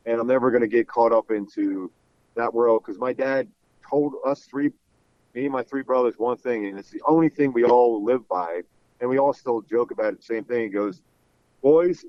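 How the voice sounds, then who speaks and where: A middle-aged man tells stories in a casual interview, animated and tumbling over his own words. His voice sits at an ordinary pitch. The recording is dull and lo-fi, with a close, dry sound. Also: dry recording. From Philadelphia. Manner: animated storyteller, repeats words when excited. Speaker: guest, baseball broadcaster.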